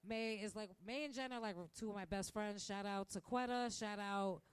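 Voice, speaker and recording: A woman in her thirties hosting a podcast, giving a blunt, profane, animated rant from the restaurant where she works. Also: medium pitch, moderate pace, clean tone, no room sound. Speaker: podcast host. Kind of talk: casual ranting monologue. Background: faint background music.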